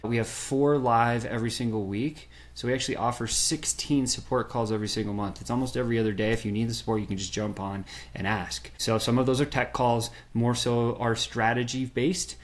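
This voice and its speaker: A man guest on a podcast, explaining a sales method with lively storytelling and quick bursts of acted-out dialogue. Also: mid-range voice. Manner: animated storyteller, acts out quoted voices. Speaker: podcast guest, software founder. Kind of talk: energetic sales pitch in conversation.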